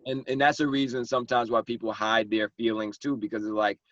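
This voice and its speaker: A man's voice: medium pitch, brisk, muffled recording. A man, hosting a casual group discussion as the author and acting out people as he talks. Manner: animated, acts out exaggerated characters mid-story.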